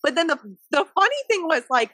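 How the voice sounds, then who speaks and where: A young woman telling a high-school story in casual chat, animated and full of "like". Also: fast talker, dry recording. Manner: animated, lots of "like", laughs often. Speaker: podcast guest.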